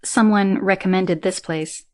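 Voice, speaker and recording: A woman's voice: mid-range voice, fairly even intonation, measured pace, lightly acted. A polite young woman journalist with a lighter, lifted voice in an audiobook, as a female narrator puts her on. She speaks courteously and a little formally. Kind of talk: audiobook character reading.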